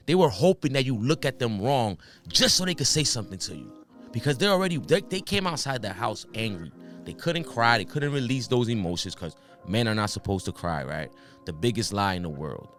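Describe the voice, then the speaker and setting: A young man hosting a solo podcast, talking earnestly and passionately, firing off rhetorical questions and swearing now and then. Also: mid-range voice. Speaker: podcast host.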